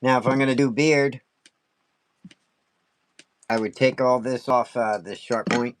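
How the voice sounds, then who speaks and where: A man teaching wood carving on a casual live stream, talking fast and excitably and laughing often. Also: medium pitch, a little hiss or hum.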